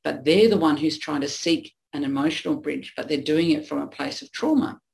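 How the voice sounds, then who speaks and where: A woman's voice: low voice, fairly quick, vocal fry, few pauses, a little mellow, poor audio. A woman relationship coach explaining a topic in conversation, acting out what partners say to each other. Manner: earnest, acts out quoted partners. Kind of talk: teaching conversation.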